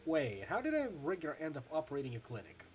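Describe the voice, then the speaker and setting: A man's voice: fairly high pitch, wildly swooping pitch, quick pace, a little hiss or hum. A man reading a video game aloud and voicing the player character, a dry, plain-spoken mercenary. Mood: wry.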